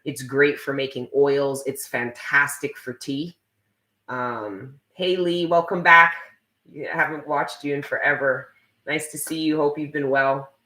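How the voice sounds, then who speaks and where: A woman's voice: extremely low pitch, pushed and bright, reverberant, rough recording. A woman from Toronto chatting casually on a livestream, swearing freely and reading out her viewers' comments. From Toronto, Canada. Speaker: tarot reader and shop owner.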